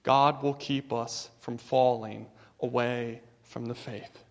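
A man preaching a sermon as pastor, moving from hushed passages to loud, fervent exhortation. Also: medium pitch, fairly even intonation, slow pace. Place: church sanctuary. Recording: long hall reverb.

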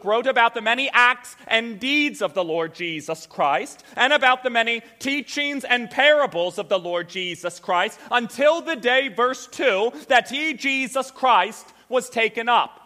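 A man preaches with a high, bright, forceful voice, driving his points home and repeating them slowly for emphasis. His voice rings out in a church sanctuary with long reverb. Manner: quiet, subdued prayer. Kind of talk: sermon with scripture reading and prayer.

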